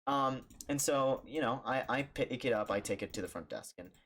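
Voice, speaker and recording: A man who streams, telling a jokey story in a casual, animated way, stumbling over restarts and acting out the voices in his story. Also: mid-range voice, normal speed, a little hiss or hum. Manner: animated, jokey, with stammered restarts and acted-out quotes.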